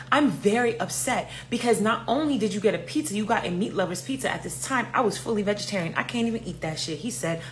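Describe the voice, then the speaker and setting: A young woman tells a story in a casual, animated way, swearing freely and talking directly to her viewers. Her voice sits at a middle pitch. A faint hum runs under the recording. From New York. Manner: animated, profane, talks straight to viewers.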